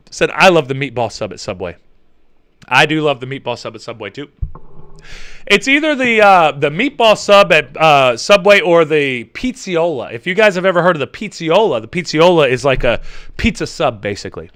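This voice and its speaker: Casual, profane young male vlogger with a bright, lively voice, recorded dry and close. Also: a little high, smooth, dry recording. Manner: rambling, profane, animated. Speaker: vlogger reading viewer comments. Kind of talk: casual chat.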